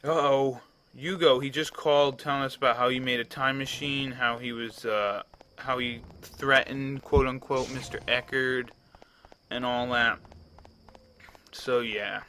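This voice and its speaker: A man's voice: medium pitch, steady tone, unhurried, pushed and bright, slight background noise. A man around thirty giving casual, rambling commentary over a video game he is playing. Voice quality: rambling, chatty, frequent restarts. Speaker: let's play commentator.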